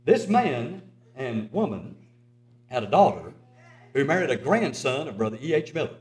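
Older male preacher with a lively delivery. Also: medium pitch, moderate pace, faint music behind. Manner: earnest, urging, lively storytelling. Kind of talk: sermon with storytelling. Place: church auditorium. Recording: echoey church hall.

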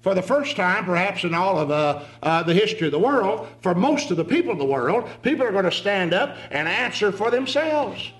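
A man's voice: high-pitched, fairly quick, few pauses. A man preaching a sermon, telling folksy stories and reading scripture aloud. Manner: animated, folksy storytelling preaching. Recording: echoey room.

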